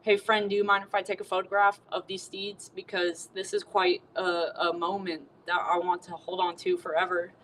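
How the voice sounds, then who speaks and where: A woman's voice: on the low side, flat delivery, moderate pace, hardly any pauses, a bit bright, a little hiss or hum, natural voice, low-quality recording. A woman voicing an earnest, polite male cowboy who uses folksy exclamations.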